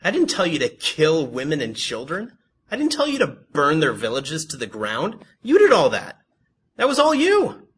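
Man voicing an exasperated God: high, loud, blunt, scolding. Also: huge pitch swings, moderate pace, breathy edge, heavily acted. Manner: blunt, repeats himself, insists it is not his fault. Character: exasperated male God scolding his people.

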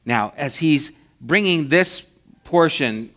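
A man's voice: a little high, expressive, slow. Conversational male pastor preaching. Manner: conversational preaching, acts out mock dialogues, drops to a hushed voice. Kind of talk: sermon.

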